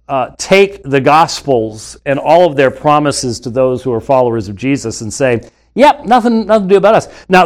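Guy hosting a live bible webcast, kinda high voice, pushy and argumentative, keeps restarting sentences. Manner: emphatic, argumentative, with frequent restarts. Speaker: webcast host and Bible teacher. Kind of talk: unscripted live commentary. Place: studio with screens and computer.

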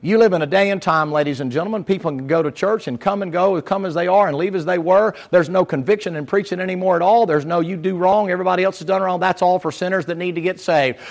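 A man preaching a sermon, moving from folksy storytelling to fervent exhortation. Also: fairly high pitch.

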